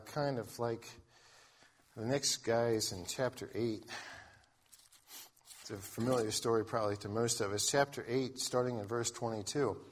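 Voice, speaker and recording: A man pastor giving a sermon in a conversational way, reading scripture aloud and often restarting his sentences. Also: mid-range voice. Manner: conversational preaching with frequent restarts.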